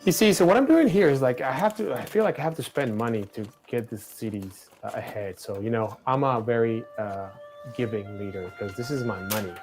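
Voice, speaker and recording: A man casually co-hosting a livestream, playfully and excitably talking through a strategy game. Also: mid-range voice, a little fast, soft background music.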